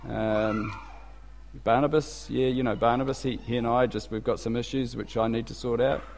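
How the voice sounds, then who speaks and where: A man acts out a prickly, brash man confessing his past in a quick, loud, almost boastful voice. He sounds sure of himself. Long reverb trails in the church. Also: medium pitch, fairly even intonation, gravelly, slight background noise, pitched below the performer's own voice, close to an everyday voice.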